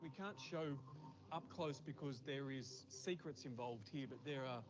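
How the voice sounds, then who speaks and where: A man's voice: medium pitch, measured pace, noisy background. A man reporting on location for TV, amused and wonder-struck. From Australia. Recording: dull lo-fi broadcast audio.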